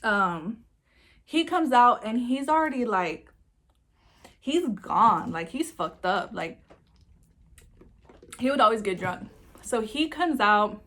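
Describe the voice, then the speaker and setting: A woman's voice: on the high side, sing-song, slow, pauses often, a bit bright. A young woman telling a personal story in a casual storytime vlog, chatty, swearing freely and filling her speech with "like". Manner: chatty, swears freely, many filler words. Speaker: vlogger.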